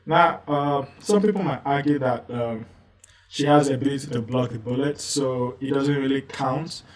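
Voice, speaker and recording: A man's voice: medium pitch, normal speed, roomy sound, far from the mic, poor audio. A man giving casual commentary as a manga reviewer, rambling loosely with lots of asides. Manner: rambling, loose, full of "you know" asides.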